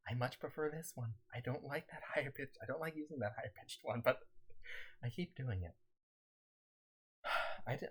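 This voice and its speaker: A man streaming a game, chatting casually to viewers in a rambling way, laughing often and talking on in a raised pitch, his throat a little scratchy. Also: slightly rough.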